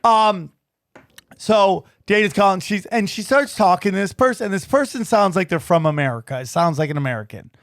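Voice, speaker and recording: A man with a rather high voice chats as a podcast host, swinging into animated storytelling and mimicking the people in his tale. The sound is dry and close, with no room around it. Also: a little fast, no room sound. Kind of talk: casual chat.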